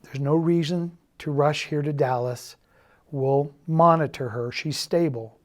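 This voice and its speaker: A middle-aged man tells a personal story of loss at a church gathering. He speaks quietly and haltingly, stops often, and quotes what others said. His voice is heavy with emotion and breaks at times. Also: on the high side. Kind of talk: personal testimony.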